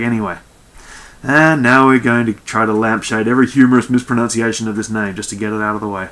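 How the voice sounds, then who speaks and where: Bright-voiced man doing a snarky book reading. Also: lowish voice, brisk. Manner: sarcastic asides between dialogue, swearing. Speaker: narrator reading a novel aloud in character.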